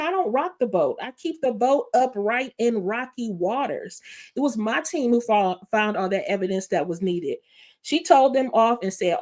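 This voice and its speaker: Chatty woman hosting a panel. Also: on the high side. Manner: chatty, animated storytelling with laughs. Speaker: panel host. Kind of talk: casual panel recap.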